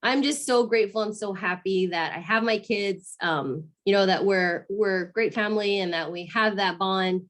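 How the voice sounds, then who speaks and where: A woman in her thirties from Arizona speaks as an interview guest, in an earnest, open way. Her talk is halting and full of restarts, and she often breaks into laughter. Her voice sits at a middle pitch. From Arizona, USA. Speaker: guest, mother sharing her story.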